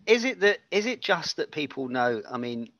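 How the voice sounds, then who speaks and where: A man's voice: a little high, big pitch swings, moderate pace, a bit bright, no echo. A man co-hosting a casual football podcast, blunt and jokey, swearing freely and firing eager questions. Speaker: podcast co-host. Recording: dry, dull lo-fi sound.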